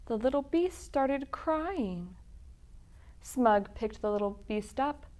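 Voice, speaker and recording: A woman reading a children's picture book aloud at a library storytime, in an expressive storytelling manner. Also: fairly high pitch, slow pace.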